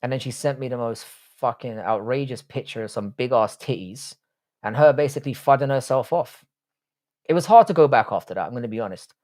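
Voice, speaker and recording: A man's voice: medium pitch, brisk, a little mellow. Man, casual livestream chat, blunt, heavy swearing, answers viewer questions. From Irish, raised in southwest London. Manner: blunt and profane, reads chat questions aloud then answers.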